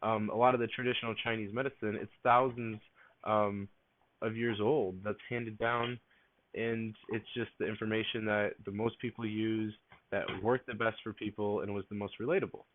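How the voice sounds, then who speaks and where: A man giving a casual teaching talk on a live stream, relaxed and full of "um" fillers. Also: on the low side, normal speed, slight background noise. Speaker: fellowship leader on a live stream. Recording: tinny phone-like live stream audio.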